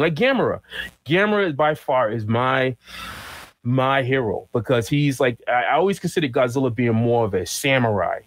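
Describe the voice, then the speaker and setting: A middle-aged man chatting as a podcast guest, telling stories with lively acted-out quotes and cries. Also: mid-range voice, rough recording. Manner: animated storyteller who acts out quotes and monster cries. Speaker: guest comic artist. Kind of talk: casual podcast chat.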